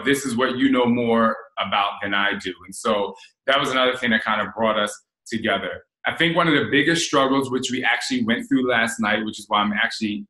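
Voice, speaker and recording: Bright-voiced candid man from New Jersey. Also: mid-range voice, roomy sound, low-quality recording. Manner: candid, animated storyteller. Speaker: host. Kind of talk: casual chat.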